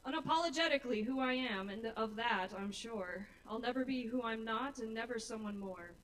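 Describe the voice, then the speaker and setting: A woman's voice: on the high side, fairly quick, a bit bright. Young woman doing a nervous earnest spoken-word set at a bar open mic, mic's a bit far off, faint noise. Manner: nervous, earnest rhyming delivery. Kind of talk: spoken-word poetry performance. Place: stage in a small bar. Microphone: stage mic. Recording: live room mic, somewhat distant, faint noise.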